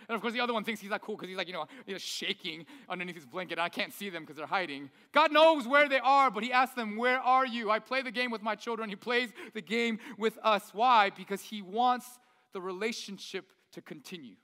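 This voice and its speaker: A male pastor, around his thirties, preaching in a lively, conversational way with many rhetorical questions. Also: high voice, fast talker. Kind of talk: sermon. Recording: long reverb of a large hall.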